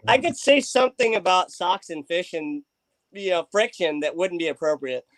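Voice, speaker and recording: A man's voice: high voice, lively intonation, normal speed, a bit bright, low-quality recording. A man chatting casually on a livestream, rambling with lots of fillers while he waxes a bowstring. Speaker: livestream guest. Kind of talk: casual chat.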